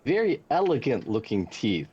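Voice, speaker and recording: Lively-voiced male game master. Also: medium pitch, normal speed, husky, highs cut off. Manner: lively descriptive narration with hesitations. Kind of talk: narrating a tabletop game.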